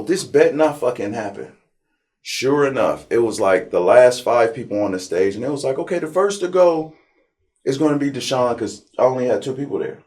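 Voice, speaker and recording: A man from Southern California, an interview guest, telling his life story with feeling, swearing freely and acting out what others said. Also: medium pitch. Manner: animated, profane, acts out quoted people.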